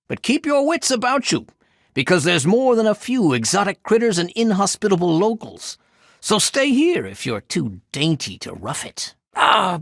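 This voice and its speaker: A man voicing a wry, teasing ferry captain in a video game who pitches trips with salesman's patter and barks orders in battle. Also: vocal fry, a bit bright, no echo, full character voice. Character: gruff male ferryman, wry salesman and fighter. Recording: dry close studio recording.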